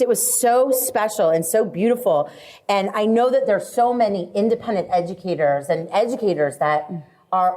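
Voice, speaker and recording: A woman's voice: mid-range voice, darkish tone. A woman hosting a podcast interview, gushing and emotional, asking long, rambling questions. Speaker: podcast host.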